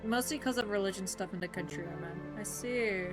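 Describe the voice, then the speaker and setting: A woman's voice: mid-range voice, a little fast, rough recording. A young Irish woman live-streaming, chatting casually and defensively with viewers, her speech rambling. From Ireland. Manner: rambling, defensive, talks to chat. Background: game music.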